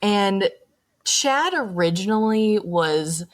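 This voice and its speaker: A woman's voice: mid-range voice, expressive, slow pace. A young woman co-hosting a podcast, talking casually about her game character, chatty, with frequent laughs and fillers. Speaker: podcast co-host. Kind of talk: casual chat.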